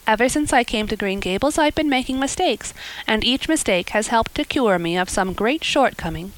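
A woman's voice: a little high, expressive, moderate pace, lightly acted, low-quality recording. A woman voicing an impulsive, romantic young girl who talks earnestly and at length in a storybook reading. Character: eager young woman, chatty, romantic, spirited.

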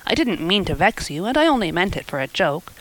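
A woman's voice: lowish voice, big pitch swings, a little fast, poor audio. Woman reading an earnest, pleading teenage boy. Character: earnest teenage boy, half-shy, proud.

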